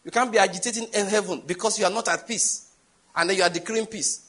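A man with a Nigerian accent preaching a sermon, telling a story with emphatic stress, jumping high and loud on key words. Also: fast.

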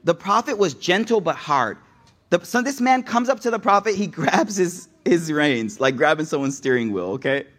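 Young male preacher, high voice, animated and off-the-cuff, talks straight to the audience. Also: normal speed. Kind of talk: casual sermon.

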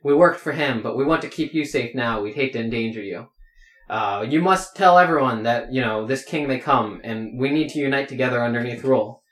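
A man's voice: mid-range voice, a little fast, a bit bright, lightly acted. A man voicing a proud male leader in a stage play, declaiming grandly. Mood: heroic. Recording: roomy echo.

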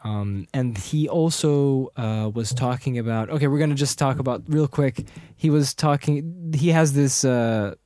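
A man's voice: medium pitch, unhurried, hardly any pauses, dark tone, no room sound. Chatty man with a dry, close sound. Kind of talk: casual chat.

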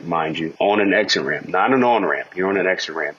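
Deep husky guy picking apart a court case, lots of rhetorical questions, kinda dull lo-fi sound. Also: normal speed, a bit bright. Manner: argumentative, rhetorical questions, acts out quotes. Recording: dull lo-fi recording.

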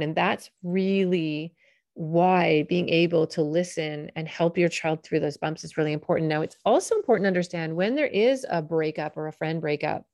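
Soft-spoken woman hosting a parenting podcast. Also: deep voice, moderate pace. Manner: conversational, anecdotal, with fillers and restarts. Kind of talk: solo podcast storytelling.

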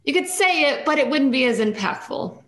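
A woman hosting a podcast interview, affirming her guest often and talking quickly and effusively when she gets excited. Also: high voice, a little hiss or hum. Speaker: podcast host. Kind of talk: conversational interview. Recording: roomy echo.

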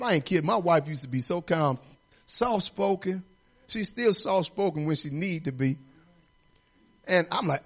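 A middle-aged man preaching a sermon as assistant pastor, folksy and conversational, telling personal stories and rising to shouts. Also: fairly high pitch, animated, normal speed, husky. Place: church sanctuary.

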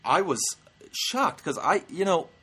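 Brash, lively man telling a comic story. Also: on the high side, unhurried, breathy edge. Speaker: stand-up comedian and show host.

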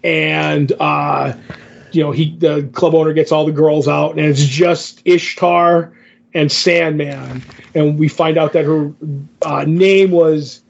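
A man with a slightly high, gravelly voice casually retells a comic book story on a podcast. He rambles, linking paraphrased lines with "he's like". The audio is a bit muffled and lo-fi. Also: fairly even intonation, slow pace. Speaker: podcast co-host.

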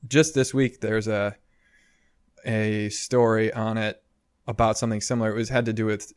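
A man's voice: on the low side, flat delivery, moderate pace, clear, resonant tone, dry recording, clean studio sound. Chatty man laughing through a story. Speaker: podcast co-host, priest. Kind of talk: casual chat.

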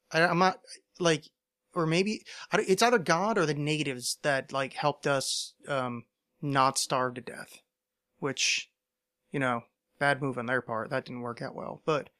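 A man's voice: fairly high pitch, slow, long pauses, bright, forceful tone. Wry rambling American man, solo podcast. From United States. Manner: rambling, self-deprecating, wry asides. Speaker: podcast host. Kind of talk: solo casual monologue. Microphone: home podcast microphone.

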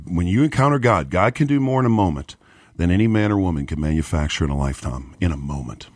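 Man, pastor, deep low voice, earnest storytelling, dry close sound. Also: expressive, fast talker, no room sound. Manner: earnest retelling with quoted dialogue. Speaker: pastor and conference speaker. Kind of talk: storytelling on a podcast.

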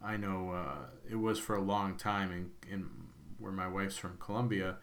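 An American man co-hosting a film podcast, chatting in a relaxed, loose way. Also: low-pitched, moderate pace. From United States. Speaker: podcast co-host. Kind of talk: casual film discussion.

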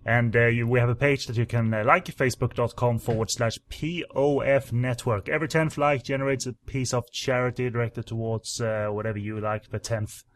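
A man's voice: medium pitch, steady tone, moderate pace, few pauses. A man hosting a film podcast in casual chat, teasing his co-host and talking with many fillers.

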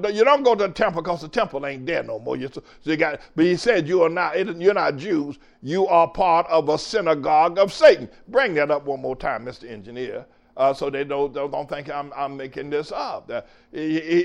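An older man preaching a sermon, drawing out emphatic lines and rising to shouts. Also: on the high side, creaky. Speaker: pastor.

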